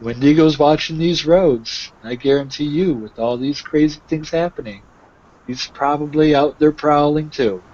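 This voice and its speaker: A man's voice: on the high side, moderate pace, darkish tone, lo-fi sound, lightly acted. A man voicing a cheerful young woman traveler who gives folksy warnings, in a tabletop game. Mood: warm, warning.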